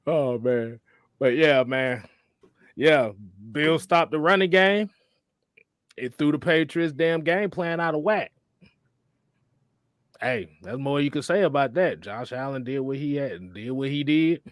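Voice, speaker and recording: Profane, laughing sports show host. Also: male voice, fairly high pitch, a little slow, long pauses, dry recording, clean studio sound. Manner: profane, laughing, animated banter. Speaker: podcast host. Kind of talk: casual sports talk.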